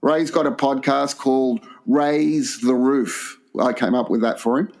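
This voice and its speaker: A man's voice: mid-range voice, a little slow, gravelly. Man rambling through crude comedy stories. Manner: rambling, deadpan anecdote telling with crude jokes. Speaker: podcast co-host. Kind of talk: crude comedy podcast storytelling.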